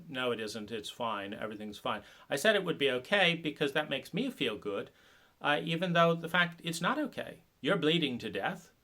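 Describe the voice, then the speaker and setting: A man giving an impassioned, sarcastic monologue about trauma recovery, halting often with fillers and restarts. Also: mid-range voice, sharp tone. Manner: sarcastic, mocks others in put-on voices.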